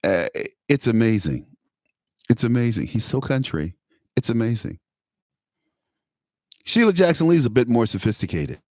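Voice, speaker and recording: A man's voice: mid-range voice, animated, moderate pace, pauses often, darkish tone, dry recording, clean studio sound. A man hosting a talk show, giving a political commentary monologue, emphatic and repetitive, often laughing at his own remarks.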